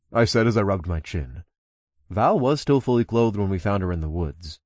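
Low-voiced man narrating an audiobook. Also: animated, normal speed, a little mellow, no room sound, studio quality. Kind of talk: first-person audiobook narration.

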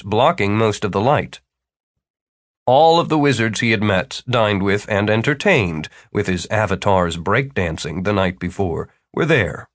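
Expressive male audiobook narrator. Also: fairly low pitch, no echo, clean studio sound.

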